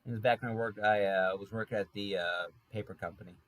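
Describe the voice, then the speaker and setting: A man's voice: on the low side, steady tone, fast, fairly bright tone. A man telling a rambling, wry story in a casual monologue from an apartment room. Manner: rambling, self-correcting, wry. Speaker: podcast host. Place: room in an apartment near a highway.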